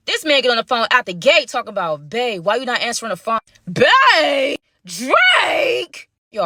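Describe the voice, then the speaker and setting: A woman's voice: on the high side, fairly bright tone, dry recording. A young woman casually telling a story to her viewers in a chatty, slangy way, speaking to them directly.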